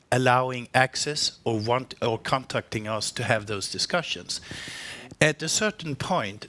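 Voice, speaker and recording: A man's voice: mid-range voice, pushed and bright. A man speaking as a company executive on a panel, answering frankly with many restarts and fillers.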